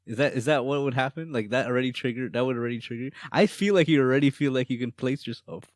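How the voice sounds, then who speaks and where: A man co-hosting a casual chat podcast, telling stories in an animated way and laughing often. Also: medium pitch, fast talker, dry recording, studio quality. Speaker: podcast co-host.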